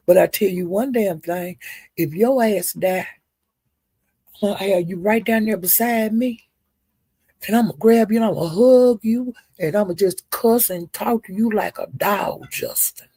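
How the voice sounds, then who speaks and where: A woman's voice: on the low side, creaky, dark tone, breathy edge, no echo, clean studio sound. A woman hosting a live stream, ranting and cursing heatedly at someone while chatting with viewers. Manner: cursing, heated, drawn-out insults. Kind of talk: angry profane rant to viewers.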